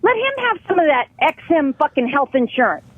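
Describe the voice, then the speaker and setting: Impassioned, high-voiced woman caller. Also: sing-song, brisk, no echo, phone-quality sound. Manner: impassioned, pleading, scolding. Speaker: radio show caller. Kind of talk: heated call-in confrontation.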